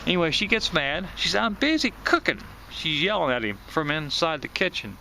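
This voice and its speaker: A man's voice: fairly high pitch, expressive, brisk, vocal fry, sharp tone, slight background noise. A man in his fifties from southwest Ohio, casually telling a childhood memory, rambling with many restarts and repeated words. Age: 50s. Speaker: channel host recalling a storm. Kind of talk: casual spoken memoir.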